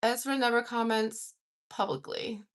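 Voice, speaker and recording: A woman in her forties telling a lively, profane story on a livestream, laughing as she goes. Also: on the high side, a little slow. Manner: profane and animated, laughing through stories. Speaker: livestream host. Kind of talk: casual storytelling.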